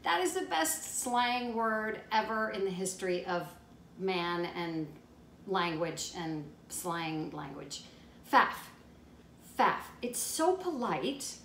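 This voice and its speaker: A middle-aged woman chats with her viewers in a slow, unhurried, enthusiastic way. Her voice sits at an ordinary middle pitch. It is recorded in an echoey home kitchen with a faint hiss behind her. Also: big pitch swings, a bit bright. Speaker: lifestyle vlogger. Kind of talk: casual chat to viewers.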